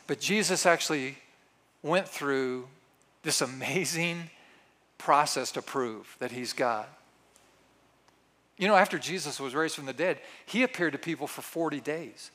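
Middle-aged male pastor, higher voice, lively sermon delivery that acts out quoted lines. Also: unhurried, long pauses.

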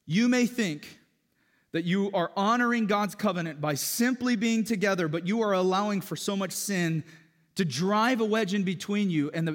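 A man preaching a sermon as pastor, animated and raising his voice to stress a point. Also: high voice. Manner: animated preaching, voice rising for emphasis. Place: church sanctuary. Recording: church hall reverb.

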